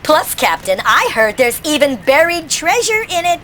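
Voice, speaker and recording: A woman playing a deadpan crew member. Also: high voice, normal speed, background noise. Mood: matter-of-fact. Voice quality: deadpan, reasoning aloud.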